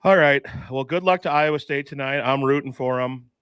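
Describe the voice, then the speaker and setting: A man co-hosting a sports podcast, talking in a lively, upbeat way and often saying dude. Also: medium pitch, fairly quick, smooth, no room sound, studio quality. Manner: enthusiastic, says dude and mm-hmm. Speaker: podcast co-host. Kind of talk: casual sports chat.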